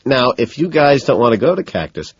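A man's voice: medium pitch, sing-song, a little fast, husky, no echo, highs cut off, pitched above the performer's own voice. A man reading an audiobook who voices a brash, pushy young male friend on the phone. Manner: brash, droning.

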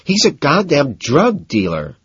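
A man's voice: fairly low pitch, expressive, a little slow, breathy edge, no echo. A man voicing a snobby, tipsy young socialite woman who talks in a bored, gossipy drawl, in a slightly muffled recording. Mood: bored, snobbish.

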